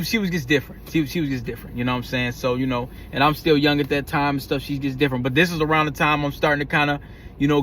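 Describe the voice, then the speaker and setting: A man's voice: a little high, a bit bright, slight background noise. A man talking casually in a vlog, rambling with slang and frequent stumbles and repeated words. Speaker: vlogger.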